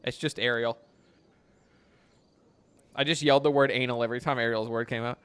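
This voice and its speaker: A man's voice: mid-range voice, fairly even intonation, a little fast, fairly bright tone, clean tone. A young man streaming a game live, chatting with his viewers and reading lines aloud in playful theatrical bursts with crude jokes.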